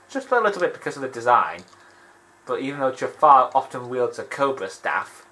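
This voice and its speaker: A man rambling through casual gaming commentary, his pitch bouncing up and down and his tone bright and forceful. He laughs often, and faint noise hums behind him. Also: rough recording. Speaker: let's play host.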